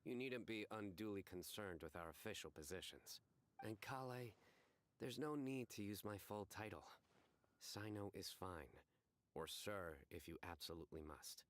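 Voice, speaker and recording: A man's voice: on the low side, lively intonation, moderate pace, close to an everyday voice. A man voicing a stern, formal male general in a video game, speaking stiffly.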